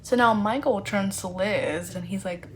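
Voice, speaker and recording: Animated, sarcastic young woman reviewing books. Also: mid-range voice, measured pace, a little hiss or hum. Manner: animated, sarcastic, playfully indignant; chatty with many fillers. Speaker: book reviewer. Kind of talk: casual book review vlog.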